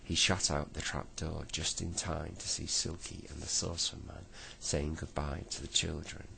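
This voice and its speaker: A man reading a bedtime story aloud in a slow, unhurried way, with small slips. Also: very deep voice, little pitch movement, vocal fry, bright, forceful tone.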